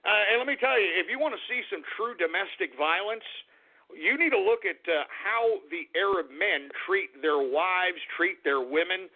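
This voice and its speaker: Profane, ranting male talk-radio host with a high voice, heard over a thin phone line. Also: lively intonation, normal speed.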